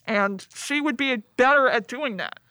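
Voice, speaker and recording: Young woman, podcast co-host, sweary, sarcastic, higher pitch, dry close mic. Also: a little slow, bright, forceful tone, no echo. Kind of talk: casual podcast movie chat.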